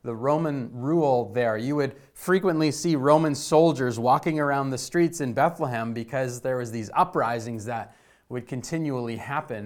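A middle-aged man preaching a sermon as a pastor, telling stories with swings between emphatic lines and hushed ones. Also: mid-range voice.

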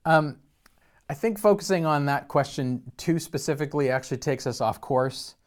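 A fairly high-pitched man preaches a conversational sermon as pastor, teaching through a passage. He stumbles and restarts words, slowing down to stress key points.

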